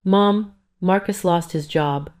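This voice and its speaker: A woman's voice: lowish voice, slow pace, darkish tone. A woman reading the lines of a grown daughter pleading tearfully with her mother. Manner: pleading, emotional.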